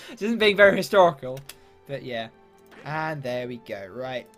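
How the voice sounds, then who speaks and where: A man's voice: medium pitch, animated, unhurried, a bit bright, faint music behind. A man giving chatty, upbeat let's-play commentary with British slang and mild swearing. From London, England. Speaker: gaming YouTuber.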